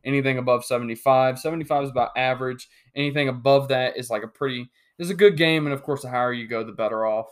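A young man talks through his solo sports podcast in a lively, joking way, often restarting his sentences. His voice sits in an ordinary middle pitch. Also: quick pace, hardly any pauses. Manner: animated, joking, with many restarts. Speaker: podcast host.

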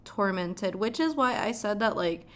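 A woman casually recapping a plot in a vlog, animated and swearing freely. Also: medium pitch, measured pace.

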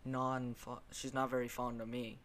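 A man's voice: mid-range voice, completely flat delivery, moderate pace, crowd noise. Young man hosting a casual podcast. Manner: rambling, joking, with frequent fillers. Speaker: podcast host. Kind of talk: casual chat.

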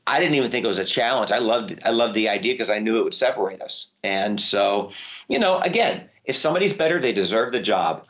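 A man who works as a voice actor, telling lively stories in an interview, his voice leaping high when excited. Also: fairly quick, muffled recording. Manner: animated storyteller, voice jumps high when excited. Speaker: voice actor guest. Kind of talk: interview conversation.

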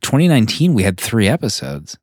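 Man, podcast co-host, deep voice, wry, reminiscing, dry recording. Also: huge pitch swings, fairly quick, a little mellow, no room sound. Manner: wry, reminiscing, lots of laughs. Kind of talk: casual chat.

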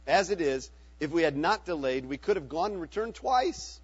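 A man's voice: a little high, very animated, moderate pace, husky, muffled recording. A man voicing an earnest adult brother pleading with his father while reading scripture aloud.

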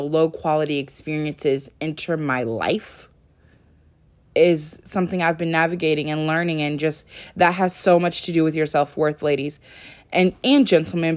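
A young woman vlogging to her viewers in a casual, rambling way, full of fillers, sleepy and yawning. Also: on the low side. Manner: chatty, rambling, lots of "like" fillers. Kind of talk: casual talk to camera.

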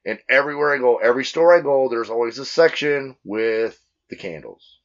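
A man's voice: medium pitch, animated, brisk. A married man co-hosting a podcast in a small home studio, joking crudely and rambling with lots of fillers. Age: adult, married. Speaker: podcast co-host. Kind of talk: casual crude banter. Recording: dull lo-fi recording.

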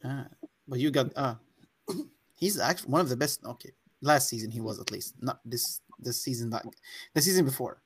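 A man co-hosting a podcast, teasing his guest with quick banter. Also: mid-range voice, husky. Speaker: podcast co-host. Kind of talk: casual podcast chat.

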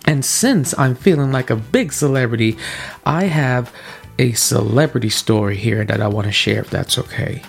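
A young man in his twenties hosting a podcast, telling a story in an animated, playful, self-mocking way. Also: medium pitch, normal speed, creaky, breathy edge, faint music behind. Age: 20s. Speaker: podcast host.

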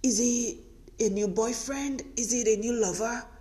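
A woman's voice: a little high, unhurried, mellow, natural voice. A woman voicing a suspicious husband who wonders aloud in disbelief. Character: suspicious puzzled husband, jealous.

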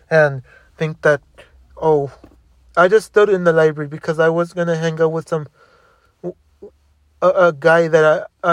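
A man's voice: fairly high pitch, dry recording. Bitter, rambling young man venting. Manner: bitter, profane, rambling with many restarts. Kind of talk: angry personal storytelling monologue.

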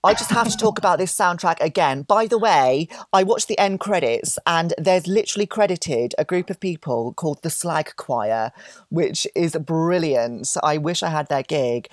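A man chats on a podcast in a gossipy, camp manner with playful asides. His voice sits dry and close, with no room sound. He keeps an easy, unhurried flow. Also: on the high side, animated, no echo. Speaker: podcast co-host. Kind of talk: casual chat.

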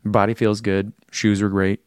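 A man's voice: lowish voice, level tone, moderate pace, darkish tone, clean tone, no echo, clean studio sound. A man hosting a running live stream, chatting casually, reading out viewer comments and rambling with self-deprecating laughs.

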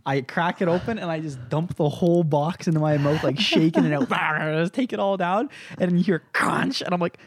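A man's voice: fairly high pitch, brisk, hardly any pauses, dry recording. A young man co-hosting a podcast in casual chat, laid-back and swearing freely, telling stories with voiced impressions. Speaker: podcast co-host.

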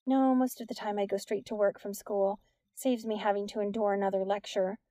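A woman's voice: medium pitch, steady tone, fairly quick, dark tone, no room sound, studio quality, natural voice. A woman voicing an anxious, secretive teenage girl speaking urgently.

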